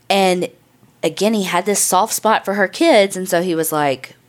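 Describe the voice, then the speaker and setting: Speaking at normal speed in a fairly low voice, a woman narrates a true crime story on her podcast. The delivery is casual and conversational, loose and profane, full of "like" and "I mean".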